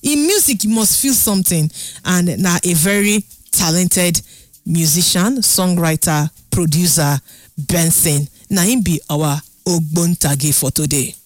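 A woman with a Nigerian accent hosting a casual radio show, chatty and animated, laughing often between her words. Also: lowish voice, unhurried, no room sound. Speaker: radio host. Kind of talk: casual radio chat in Pidgin.

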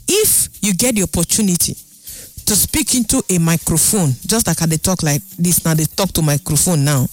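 A radio host with a Nigerian accent on a call-in show, animated and fond of repeating numbers and phrases. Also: mid-range voice. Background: faint music.

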